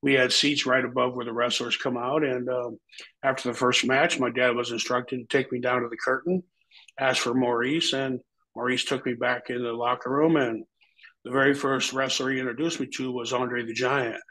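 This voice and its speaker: A man's voice: medium pitch, level tone, moderate pace, sharp tone, rough recording. A middle-aged man, a former pro wrestler, telling rambling, profane stories in an interview, acting out the voices of people he quotes. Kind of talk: casual anecdotal storytelling.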